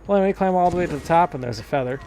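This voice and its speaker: A man's voice: on the high side, expressive, rapid-fire, dark tone, slight background noise. A young man giving casual, profane, rambling commentary as he plays a video game, laughing often. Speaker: gameplay commentator. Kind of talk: casual let's-play commentary.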